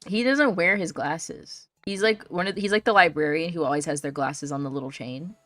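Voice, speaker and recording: A woman's voice: sits low, a little fast, fairly bright tone, no echo, soft background music. A woman chatting casually while streaming a video game, giggly and talkative. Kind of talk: casual gameplay chat.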